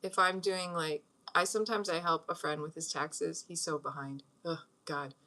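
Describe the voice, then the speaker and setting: Bright-voiced chatty woman. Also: low voice, fairly even intonation, moderate pace. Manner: chatty, rambling, laughs often. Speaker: host leading a meditation practice. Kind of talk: casual spoken talk with guided breathing.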